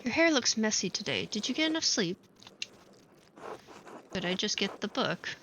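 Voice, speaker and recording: A woman streamer playing a game, reading every character's lines aloud in her own voice and adding quick casual asides. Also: medium pitch, sing-song, fairly bright tone, slight background noise, rough recording. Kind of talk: let's play, reading game dialogue aloud.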